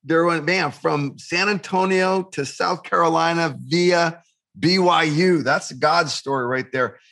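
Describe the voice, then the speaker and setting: Male host, enthusiastic, stacked questions, bright edgy voice. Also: on the high side, measured pace, vocal fry. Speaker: interview host. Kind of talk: conversational interview.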